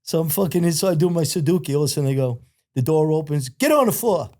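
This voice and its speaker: A man's voice: fairly high pitch, quick pace, dry recording, clean studio sound. Profane, rambling middle-aged man. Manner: profane, acts out other people's shouted lines; rambling, repeats filler phrases. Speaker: podcast guest. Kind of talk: casual storytelling.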